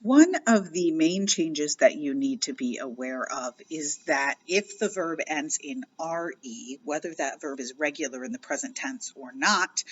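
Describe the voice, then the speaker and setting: A woman's voice: low voice, slightly rough, highs cut off. A woman teacher explaining grammar patiently in a recorded lesson, spelling out letters as she goes. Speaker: French teacher.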